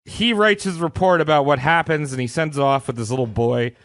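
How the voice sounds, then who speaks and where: A man's voice: a little high, fairly quick, a bit bright, no room sound. A man casually retelling history on a comedy podcast, irreverent and profane, often slipping into voices for the people in the story. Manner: irreverent storytelling, puts on voices for historical figures, swears freely. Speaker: podcast co-host telling history.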